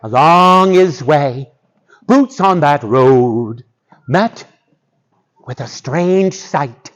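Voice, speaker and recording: A male storyteller telling a folktale live to schoolchildren, animated and drawing the audience in. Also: on the high side, extremely slow, dull audio.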